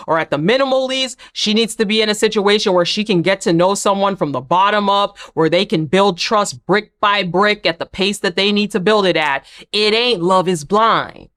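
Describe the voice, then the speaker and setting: A woman talks through a TV episode in a sassy, chatty way, tossing in blunt opinions. Her delivery is casual and conversational, like gossip with a friend. Her pitch sits at an everyday middle. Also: a bit bright. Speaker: recap vlogger. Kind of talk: casual recap commentary.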